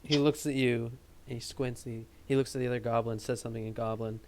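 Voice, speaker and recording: A man narrating as game master, describing scenes in a relaxed, rambling way. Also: medium pitch, quick pace.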